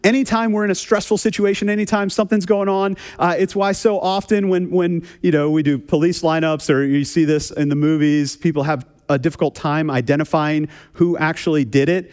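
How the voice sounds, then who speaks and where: A male pastor with a rather high voice talks through his sermon in a chatty, easygoing way, stumbling and repeating words as he goes. His voice rings out with the long reverb of a church sanctuary. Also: fairly quick, hardly any pauses. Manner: relaxed, chatty, often repeats words as he restarts. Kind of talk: conversational sermon with a personal story.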